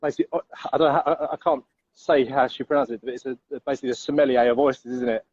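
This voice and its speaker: A man's voice: mid-range voice, steady tone, a little mellow, no room sound, dull audio. A young man co-hosting a casual live show, enthusiastic and calling his partner mate. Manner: enthusiastic, rapid, says mate often. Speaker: co-host.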